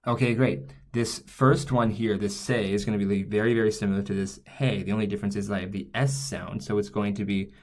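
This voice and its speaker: A man's voice: lowish voice, flat delivery, fairly quick, hardly any pauses. A man teaching a lesson, explaining step by step as he writes, often stopping to correct himself. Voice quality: thinking aloud, frequent self-corrections. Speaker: language teacher. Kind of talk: explaining while writing on screen.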